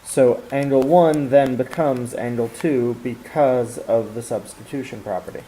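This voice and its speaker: A man's voice: medium pitch, measured pace, dark tone, slight background noise, low-quality recording. A man explaining a geometry lesson step by step, with fillers and restarts. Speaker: math teacher.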